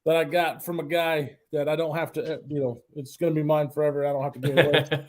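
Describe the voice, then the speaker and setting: A man speaking as a guest on a casual live stream, with a voice pitched a little high. He stays easygoing, laughs often and rambles a bit. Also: level tone, fast. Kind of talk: casual livestream chat.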